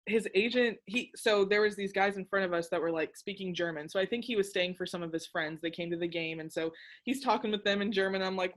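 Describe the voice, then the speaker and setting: Chatty, animated young woman storyteller. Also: medium pitch, fast talker. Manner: animated, excitable storyteller, lots of "like". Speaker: podcast host. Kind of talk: casual chat, storytelling.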